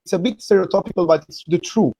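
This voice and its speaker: An Italian man hosting a casual interview over a video call, speaking English with an Italian accent and often pausing to search for words. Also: sits high, vocal fry, mellow, slightly rough, no echo, poor audio. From Italy. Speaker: host.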